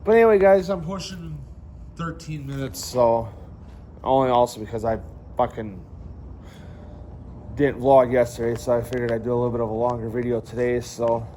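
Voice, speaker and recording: A young man rambles through a casual vlog. He leans on fillers and drops swear words freely. His pitch sits in the middle, and faint background noise runs beneath him. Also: moderate pace, long pauses, dark tone. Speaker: vlogger.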